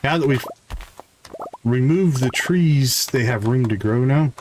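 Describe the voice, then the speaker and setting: A man's voice: mid-range voice, a little slow, slight background noise, poor audio. Chatty Midwestern man streaming a game. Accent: American Midwestern. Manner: relaxed, chatty, talking to chat while playing. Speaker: gaming streamer. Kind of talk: casual live gameplay commentary.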